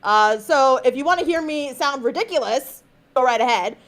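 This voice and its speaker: High-voiced giggly woman chatting on stream. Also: lively intonation, normal speed, a bit bright. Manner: giggly, laughs between sentences; reassuring, fond teasing. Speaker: stream co-host. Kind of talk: casual livestream chat.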